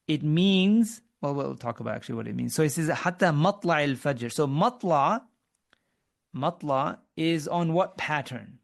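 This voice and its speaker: A man's voice: on the high side, vocal fry. A man teaching Arabic grammar in an online webinar lesson, explaining step by step, quizzing his students and often restarting his sentences.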